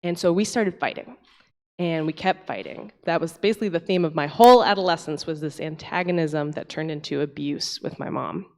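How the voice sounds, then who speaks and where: A woman's voice: low-pitched, brisk. A young woman from East Tennessee telling a candid, emotional personal story to a church audience, chatty and full of fillers. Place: church sanctuary. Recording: long hall reverb.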